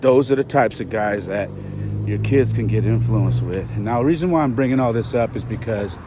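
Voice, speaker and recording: A man in his forties tells a story in an easy, chatty way, slipping in quoted back-and-forth as he goes. His voice sits on the low side, and the recording is dull and lo-fi with a faint hum of background noise. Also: a little fast. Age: 40s. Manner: retells conversations, acting out both sides. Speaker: podcast host. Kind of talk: casual storytelling.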